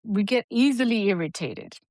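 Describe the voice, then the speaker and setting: A woman co-hosting a podcast, talking candidly and with lots of swearing, lively when she mimics other people. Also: medium pitch, normal speed, dry recording, studio quality. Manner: candid, profane, animated when quoting others. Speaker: podcast co-host. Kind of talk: casual podcast chat.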